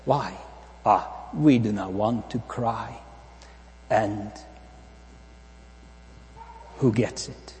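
A man's voice: mid-range voice, mellow. A man preaching a fervent sermon to a congregation, repeating phrases and asking rhetorical questions. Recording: long hall reverb with mains hum.

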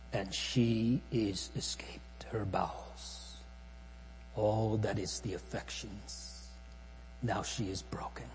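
Slow, dark-voiced man preaching in a hall. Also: lowish voice. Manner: slow, solemn preaching with long pauses, swelling and dropping to near-whisper. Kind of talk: sermon. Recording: long hall reverb, faint mains hum.

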